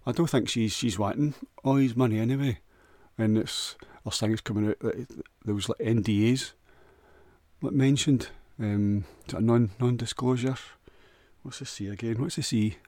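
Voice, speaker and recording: A man's voice: mid-range voice, steady tone, normal speed, a little mellow, no echo. A man with a Scottish accent rambling crudely through a jokey solo monologue, often restarting and stumbling over words.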